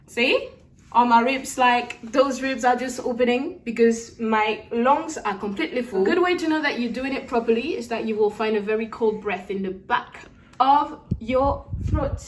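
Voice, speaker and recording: A woman's voice: fairly high pitch, moderate pace. A woman singing teacher giving a casual video lesson, chatting as she demonstrates breathing. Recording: echoey room from far off, faint noise.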